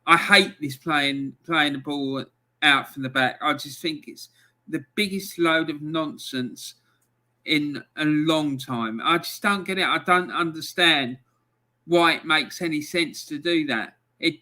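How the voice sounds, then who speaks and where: A man's voice: on the high side, unhurried, bright, forceful tone. A man hosting a live football fan stream, ranting in angry exasperation about his team's loss. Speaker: fan channel host.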